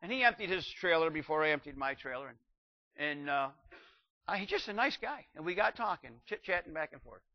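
An older man preaching a sermon, animated, shouting out acted quotes and slowing down to read scripture. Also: a little high, vocal fry, muffled recording.

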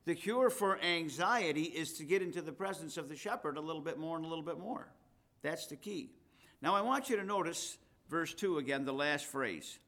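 A man's voice: fairly high pitch, expressive, normal speed, pushed and bright. Man preaching a conversational sermon. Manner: conversational preaching, reads scripture with rising emphasis. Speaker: pastor.

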